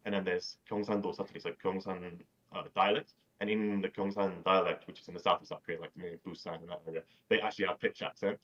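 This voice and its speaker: Man, low voice, casual rambling chat, filler-heavy, swears, muffled lo-fi call audio. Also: level tone, fast, hardly any pauses, fairly bright tone. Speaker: podcast guest. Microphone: video call.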